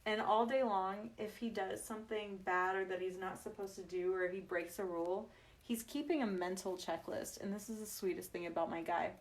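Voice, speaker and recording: A woman, chatting warmly and laughing through stories as she hosts a craft livestream. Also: mid-range voice, fairly quick. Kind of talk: casual craft livestream chat.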